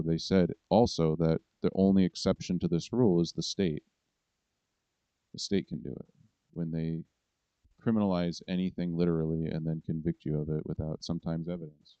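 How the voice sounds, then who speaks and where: A vlogger with a low, dark voice launches into a rambling, profane political monologue, ranting at his viewers. The lo-fi recording is dull and dry, with no room sound.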